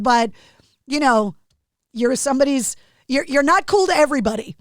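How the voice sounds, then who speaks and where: A woman podcast host and radio DJ tells stories in a lively, animated way. Her voice sits fairly high. The recording is dry, with no room sound. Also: moderate pace, no echo. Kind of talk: casual interview chat.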